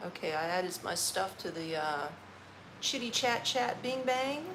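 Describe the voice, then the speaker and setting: A woman's voice: mid-range voice, animated, unhurried, background noise. A woman from Orlando, Florida, chatting casually on a live stream from her apartment, tired and eating as she talks, laughing often and using folksy slang. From Orlando, Florida, United States. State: tired, eating while talking. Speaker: vlogger hosting a live stream.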